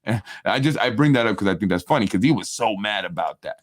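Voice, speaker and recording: A man hosting a casual political commentary show, animated and repetitive, often asking "right?" and acting out what others said. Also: on the low side, fast talker. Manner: animated, repetitive, with frequent tag questions; acts out other people's speech in quoted voices. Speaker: political talk show host.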